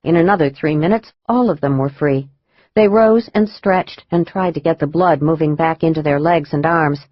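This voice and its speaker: A woman narrating a thriller audiobook in a measured, even storytelling manner. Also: sits low, dry recording, lo-fi sound.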